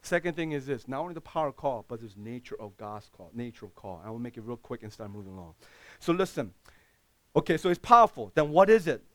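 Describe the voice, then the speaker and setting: A middle-aged man preaching a sermon as pastor, swinging from loud bursts to hushed, low passages. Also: big pitch swings, fast, dry recording.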